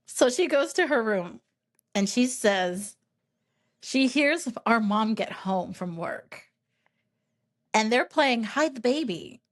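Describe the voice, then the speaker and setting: A woman hosting a podcast who tells a family story in an animated, rambling way, with plenty of swearing. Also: on the high side, slow pace, pauses often. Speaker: podcast host. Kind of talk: casual storytelling chat.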